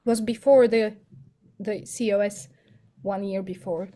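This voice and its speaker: A woman's voice: mid-range voice, fairly even intonation, a little slow, mellow. A woman co-hosting a podcast, chatting casually with frequent giggles and sentences that trail off. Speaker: podcast co-host. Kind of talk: casual chat.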